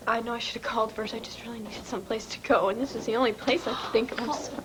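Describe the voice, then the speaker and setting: An actress playing a distraught young wife who speaks in a tearful, shaky voice. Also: female voice, on the high side, steady tone, very fast, a bit bright, a little hiss or hum, lightly acted. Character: distraught young woman leaving her husband.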